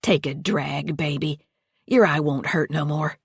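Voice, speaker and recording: A woman's voice: low-pitched, measured pace, vocal fry, husky, no echo, clean studio sound, heavily acted. A woman voicing a coaxing, menacing female caretaker who talks in a crude drawl in an audiobook thriller.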